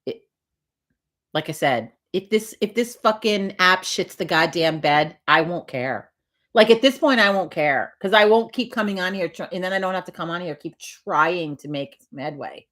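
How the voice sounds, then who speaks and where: Speaking at a normal pace in an expressive, fairly bright voice on the low side, an older woman hosts a casual morning livestream. She rambles, swears and laughs often while chatting with viewers.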